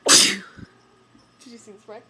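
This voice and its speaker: A woman's voice: slow pace, bright, forceful tone, slight background noise. A woman chatting casually on camera with a stuffy nose, laughing between her words. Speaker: vlogger. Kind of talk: casual chat.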